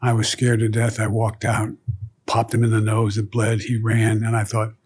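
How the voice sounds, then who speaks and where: A man's voice: fairly low pitch, monotone, moderate pace, darkish tone, husky. An older man as an interview guest, telling childhood stories with many restarts and fillers. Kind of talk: storytelling in an interview. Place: seated indoors for an interview.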